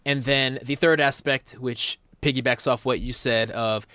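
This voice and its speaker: A man co-hosting sports radio, laying out a measured, analytical take at a studio mic. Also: mid-range voice, steady tone, pushed and bright, clear, resonant tone, no echo. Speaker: radio show co-host. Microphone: studio microphone.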